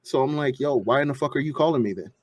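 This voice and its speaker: A man's voice: mid-range voice, fast talker, no echo. Emphatic man, dry close sound. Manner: emphatic, repeats himself. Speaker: podcast co-host, parent. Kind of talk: casual chat.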